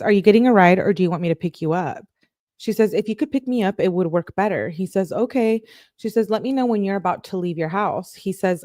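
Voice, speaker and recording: Female true crime vlogger, lower voice, reads texts fast with sarcastic asides; dry, close sound. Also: darkish tone, no room sound. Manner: quick, sarcastic asides between read-out texts. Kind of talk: reading text messages aloud with commentary.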